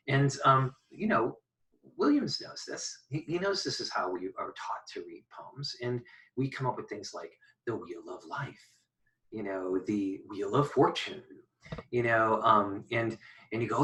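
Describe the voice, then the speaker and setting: Man teaching poetry, halting lecture, low-ish voice, bright tone, a little off-mic. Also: expressive, distant mic, rough recording. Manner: musing, halting, many fillers and restarts. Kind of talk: recorded online lecture.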